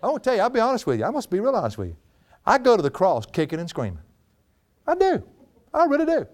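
A man's voice: high-pitched, wildly swooping pitch, fast talker. A middle-aged man with a drawl preaching a folksy storytelling sermon, often breaking into laughter.

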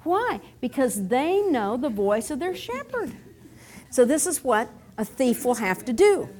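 A woman's voice: high voice, big pitch swings, a little slow, darkish tone. A woman teaching a Bible lesson with props, acting out scenes and adding chuckling asides.

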